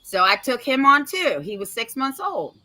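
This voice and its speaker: A woman in her fifties, a podcast host telling a story in a casual chat, animated, blunt and feisty, swearing freely. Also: high voice, moderate pace. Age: 50s.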